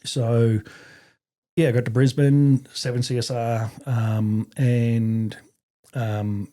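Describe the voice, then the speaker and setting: A middle-aged man with an Australian accent, speaking as a podcast guest. His voice is mellow and warm, and sits at an ordinary pitch. He stumbles through restarts and fillers and swears bluntly as he tells his story. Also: little pitch movement, takes it slowly. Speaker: podcast guest, army veteran. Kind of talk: casual conversational storytelling.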